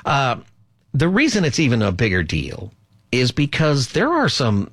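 A man's voice: mid-range voice, fairly bright tone, husky, dry recording. A man hosting a political talk radio show, giving opinionated commentary with many fillers and asides.

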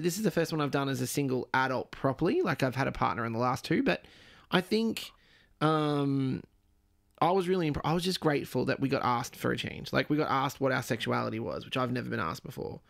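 A man's voice: on the high side, creaky. An Australian man chatting casually on a radio panel, chatty and self-mocking. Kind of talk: casual chat.

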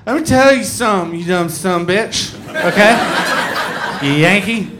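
A man voicing a drunk, furious Southern woman heckler who is loud and combative, recorded live in a club with audience noise. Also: high voice, expressive, normal speed, voice pushed up. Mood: angry.

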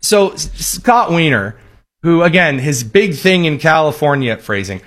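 A man's voice: big pitch swings, measured pace, a bit bright. Sarcastic man hosting a commentary show. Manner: sarcastic, mocking, with high-pitched put-on voices for parody. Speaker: political commentary host. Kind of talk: political commentary monologue.

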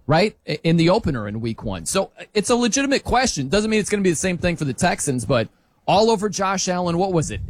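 A male radio host leading a lively sports talk segment in an excitable way. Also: high voice. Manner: excitable, mimics crowd chants.

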